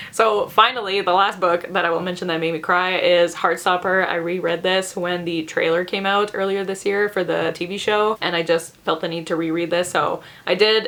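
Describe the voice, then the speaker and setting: A woman's voice: fairly low pitch, fairly bright tone. Young adult woman, casual book vlogger, effusive, giggly, filler-heavy delivery. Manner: gushing, chatty, laughs often, lots of fillers. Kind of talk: casual chat to camera.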